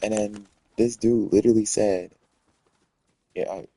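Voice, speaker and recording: Husky low-voiced guy ranting casually. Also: unhurried, low-quality recording. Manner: profane, rambling, animated. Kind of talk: casual storytelling rant.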